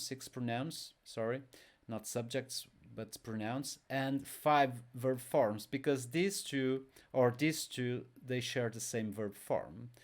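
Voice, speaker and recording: A man's voice: mid-range voice, a little mellow. A man teaching an online language lesson, patient and repetitive, drilling each word aloud. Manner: slow, patient, repeats words for drill.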